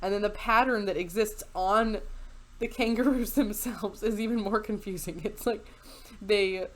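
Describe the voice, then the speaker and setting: A woman's voice: medium pitch, moderate pace. A woman giving casual reaction commentary as a video host, sarcastic and incredulous, breaking into laughter often. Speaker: YouTube commentator.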